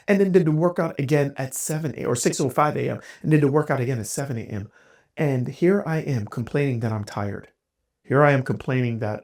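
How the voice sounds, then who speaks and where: A man hosting a podcast, telling a candid, self-deprecating story in a casual, animated way. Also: medium pitch, moderate pace. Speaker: podcast host.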